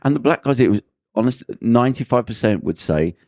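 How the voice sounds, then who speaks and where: A man co-hosting a podcast, telling a story in a lively way and acting out the people in it. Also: medium pitch, brisk, dry recording, clean studio sound. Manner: lively, acts out the people in his stories. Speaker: podcast co-host. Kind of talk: casual storytelling anecdote.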